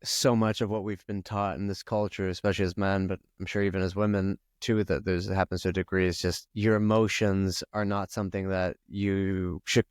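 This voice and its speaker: A man's voice: low voice, level tone, a little fast, few pauses, smooth, no room sound, studio quality. A man, a spiritual coach and podcast guest, speaking earnestly and openly, swearing now and then. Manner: earnest, confessional, swears casually. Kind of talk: candid conversational interview.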